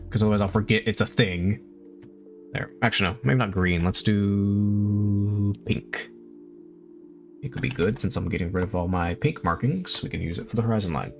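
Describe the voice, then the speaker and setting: A man streaming live, chatting casually while he draws. He rambles, laughs often and swears freely. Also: fairly low pitch.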